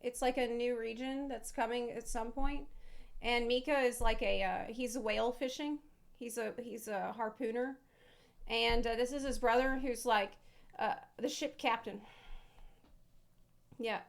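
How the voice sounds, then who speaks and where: Woman streamer, high voice, casual swearing ramble. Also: steady tone, a little slow, vocal fry. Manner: rambling, swearing, self-mocking. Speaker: streamer reacting to a video. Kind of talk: casual reaction chat.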